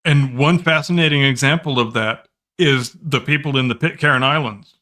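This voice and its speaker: A man's voice: medium pitch, normal speed, bright, forceful tone. A man in casual podcast chat, explaining things at length and often repeating words as he restarts.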